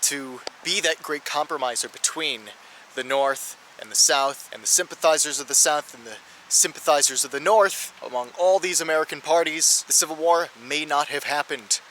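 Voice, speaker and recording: A man's voice: a little high, moderate pace, a bit bright. A man narrating a travel vlog around a city, explaining with touches of dry humor. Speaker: travel vlogger. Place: outdoors in a city. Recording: noisy outdoor street recording.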